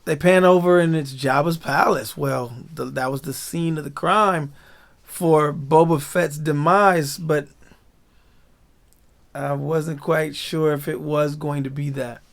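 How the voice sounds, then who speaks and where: A man hosting a casual, animated episode breakdown, full of slang and laughter. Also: fairly high pitch, slow, gravelly. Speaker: show recap host.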